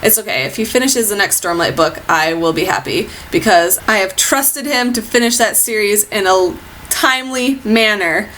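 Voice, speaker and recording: A woman reviewing books in a casual, chatty way, gushing and animated as she talks. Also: medium pitch, normal speed, slight background noise. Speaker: book reviewer. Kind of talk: casual book review chat.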